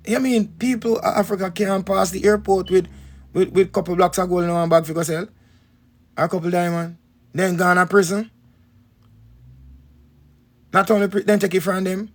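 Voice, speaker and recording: A man's voice: high-pitched, normal speed, long pauses. A Jamaican man giving an emphatic preaching talk, full of repeated rhetorical questions. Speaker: spiritual teacher.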